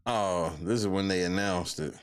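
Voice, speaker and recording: A man hosting a live stream, reacting to news clips with loud, mocking, profanity-heavy commentary full of slang. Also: sits low, steady tone, normal speed, over music.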